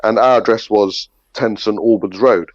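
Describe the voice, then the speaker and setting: Halting man telling a story. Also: fairly low pitch, no echo. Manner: halting, restarts, stumbles over words. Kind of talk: casual chat, telling a funny story. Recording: dry, slightly muffled lo-fi audio.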